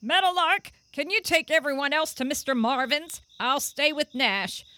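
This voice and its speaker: A woman voicing a caring critter who talks slowly and soothingly. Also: sits high, bright, forceful tone, no room sound.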